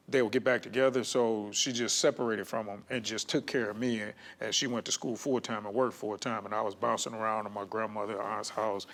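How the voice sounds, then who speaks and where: A man who is a comedian, telling a personal story in a loose, conversational way as a guest. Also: mid-range voice. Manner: loose, conversational, lots of "you know what I'm saying".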